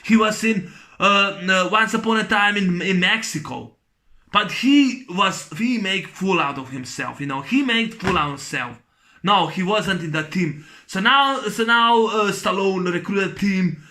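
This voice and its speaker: A man's voice: high-pitched, measured pace, sharp tone. A man with giving a profane, rambling movie rant, full of fillers and restarts. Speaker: movie reviewer.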